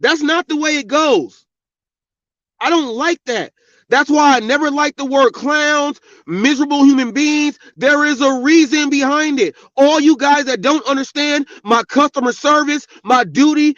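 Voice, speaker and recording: High-voiced man ranting angrily. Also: fairly bright tone, no echo. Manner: angry, profane, preachy. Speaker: podcast host. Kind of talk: ranting monologue. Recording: dull, lo-fi sound.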